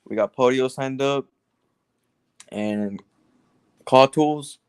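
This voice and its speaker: A man's voice: medium pitch, slow, clean tone, no room sound. A man calling in for advice, telling a long story with many restarts. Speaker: caller seeking advice. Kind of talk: casual phone conversation.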